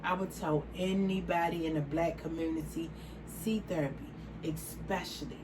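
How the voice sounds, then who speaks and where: A woman's voice: fairly low pitch, steady tone, moderate pace, noisy background. Outspoken woman in her forties. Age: 40s. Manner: outspoken, emphatic, repeats phrases for stress. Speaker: vlogger. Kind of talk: casual to-camera vlog.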